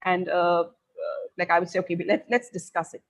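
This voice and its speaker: A middle-aged woman giving parents measured advice, pausing often on fillers as she explains. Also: fairly low pitch, fairly even intonation, rough recording. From India. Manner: measured and advisory, with frequent filler pauses. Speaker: parenting educator.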